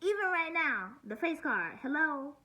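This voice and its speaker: Forties woman, vlog rant, sharp bright higher voice, blunt and cussing, hurting. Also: sing-song, unhurried, rough recording. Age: 40s. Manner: blunt, venting, heavy swearing. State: hurt and near tears. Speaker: vlogger. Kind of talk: emotional personal vlog monologue.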